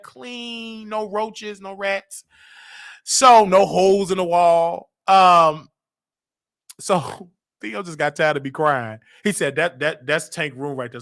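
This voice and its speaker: A man from Chicago with a Chicago accent, telling a personal story casually and acting out what people said with big jumps in his voice. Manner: animated, acts out quotes with big pitch jumps.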